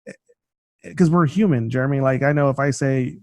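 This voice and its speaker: A man's voice: mid-range voice, fairly quick, vocal fry, darkish tone, dry recording. A man co-hosting a podcast in casual chat, rambling with many fillers and restarts. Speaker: podcast co-host. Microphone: studio mic.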